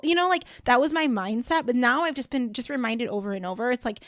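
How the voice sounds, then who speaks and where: A bubbly woman in her thirties hosts her podcast, gushing through the chat with plenty of "like" and "you know". Her voice sits a touch high. It is recorded dry and close to the mic. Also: expressive, quick pace, hardly any pauses, dry recording. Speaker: podcast host. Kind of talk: casual solo podcast chat.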